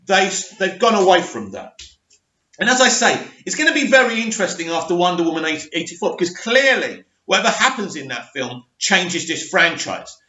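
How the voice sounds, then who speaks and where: A man's voice: high-pitched, bright, forceful tone. A man hosting an opinionated movie news vlog, ranting emphatically with frequent restarts. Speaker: movie commentary host. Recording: echoey room, dull lo-fi sound.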